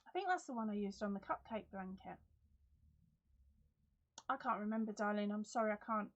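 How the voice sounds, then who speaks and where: A woman's voice: medium pitch, expressive, moderate pace, lo-fi sound. A middle-aged woman hosting a casual live chat from home, reading out viewer comments, giggling and talking a lot. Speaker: livestream host.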